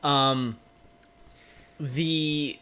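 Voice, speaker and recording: A man's voice: a little high, fairly even intonation, extremely slow, pushed and bright. A man co-hosting a movie podcast, talking in an enthusiastic, casual way and swearing freely. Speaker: podcast co-host. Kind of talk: casual chat.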